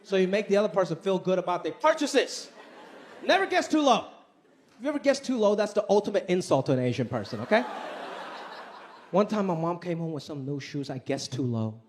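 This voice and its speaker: A male stand-up comedian performing live on stage, with a punchy, animated delivery full of voice impressions. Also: sits high, a little fast. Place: stage in front of a live audience. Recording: noisy live stand-up recording.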